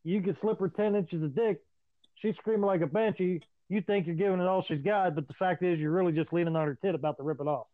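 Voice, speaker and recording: High tinny-voiced profane male storyteller. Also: fast. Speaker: podcast co-host, former wrestler. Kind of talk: casual storytelling chat. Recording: dry, tinny phone-like sound.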